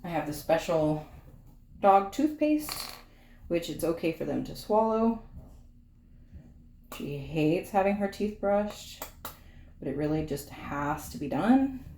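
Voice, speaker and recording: A woman with a fairly low, sing-song, mellow voice speaks slowly and pauses often. She chats casually while grooming her dogs at home, teasing the dog, talking to viewers, and sweating from the effort. The room is echoey, with a faint clipper hum.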